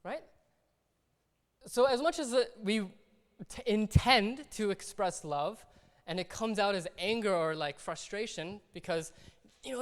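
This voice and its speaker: A pastor delivers a sermon in a church hall, his high, animated voice moving at a measured pace with frequent pauses and a clear, resonant tone. He keeps it conversational, acting out small everyday scenes along the way. The recording carries a long hall reverb.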